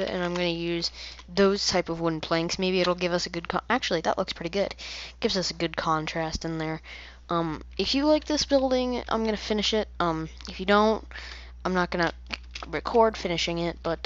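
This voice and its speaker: Woman, lowish voice, goofy rambling gameplay commentary, muffled lo-fi mic. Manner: playful, rambling, silly asides. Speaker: gaming video creator.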